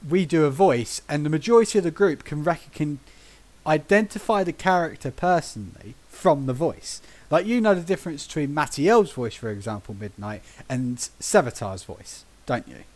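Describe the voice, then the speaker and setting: A man's voice: fairly high pitch, normal speed. A man from Britain hosting a casual podcast, telling tabletop game stories with acted-out quotes and frequent laughter. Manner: animated storyteller who acts out quotes and laughs often. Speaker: podcast host.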